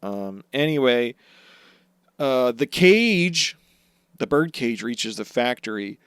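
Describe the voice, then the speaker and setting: A man of middle pitch chats through an anime recap and swears freely. He slips into quick silly character voices as he goes. The recording is dry and close. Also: animated, a bit bright, clean tone, dry recording. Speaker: podcast co-host. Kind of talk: casual chat recapping anime episodes.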